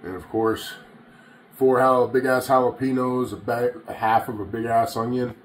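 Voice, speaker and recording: A man's voice: mid-range voice, steady tone, moderate pace. A man filming a casual fitness vlog in his home gym, full of profane, pumped-up self-talk and panting between sets. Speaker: fitness vlogger. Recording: echoey room with faint background hum.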